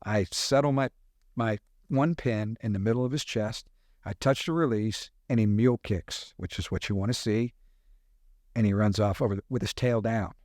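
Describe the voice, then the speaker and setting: A middle-aged man, a podcast guest, telling animated hunting stories with sound effects in casual talk. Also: lowish voice, moderate pace, no echo, clean studio sound. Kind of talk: casual storytelling.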